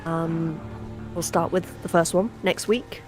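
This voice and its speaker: A woman's voice: on the low side, fairly even intonation, slow pace, music in the background. A woman from Yorkshire with a Yorkshire accent, co-hosting a game stream, chatty and teasing as she reads out chat. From Yorkshire, England. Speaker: co-host. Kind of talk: casual stream chat, reading chat aloud.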